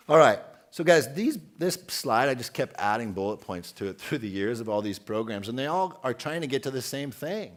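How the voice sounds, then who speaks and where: A man's voice: medium pitch, animated, a little fast, hardly any pauses. A man in his forties giving an outspoken, emphatic conference keynote and putting questions to the audience. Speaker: keynote speaker.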